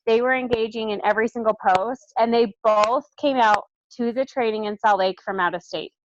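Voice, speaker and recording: A tired woman chatting quickly on a team video call, self-deprecating and casual. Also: on the high side. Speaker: team member giving shout outs. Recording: dry, dull video call audio.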